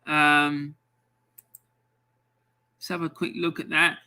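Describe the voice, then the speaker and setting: Casual male stream host, unhurried delivery with ums, bright tone. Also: a little high, flat delivery, smooth. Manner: chatty, reads out fixtures with frequent ums. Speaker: live football score stream host. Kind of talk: casual live-stream commentary.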